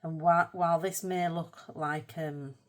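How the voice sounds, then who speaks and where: A woman with a low voice and an unhurried pace chats her way through a colour-with-me painting session. She rambles, pokes fun at herself and drops to a soft murmur as she works the brush. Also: steady tone. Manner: chatty, rambling, self-mocking. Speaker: art channel host. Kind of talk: casual colour-with-me chat.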